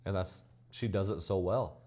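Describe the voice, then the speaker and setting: A man's voice: low voice, normal speed, dark tone. A man speaking as a college volleyball head coach, talking enthusiastically and casually about his players. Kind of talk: casual interview.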